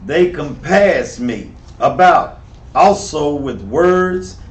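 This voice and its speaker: Slow male scripture reader, roomy. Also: fairly high pitch, lively intonation. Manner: slow, careful reading out loud with short agreements. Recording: roomy, distant mic.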